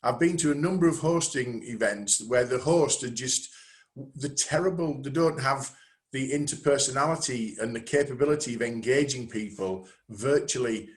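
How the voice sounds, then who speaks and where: A man's voice: mid-range voice, normal speed. A man presenting a webinar on networking, chatty and self-deprecating over a video call. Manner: lively, conversational, self-deprecating.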